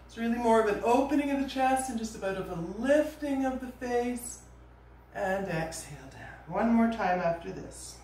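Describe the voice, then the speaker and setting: Calm woman guiding yoga, echoey room. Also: fairly high pitch, normal speed. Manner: calm, gentle cueing with casual asides. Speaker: yoga teacher. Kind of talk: guided yoga class instruction. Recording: echoey room, voice from a distance, faint noise.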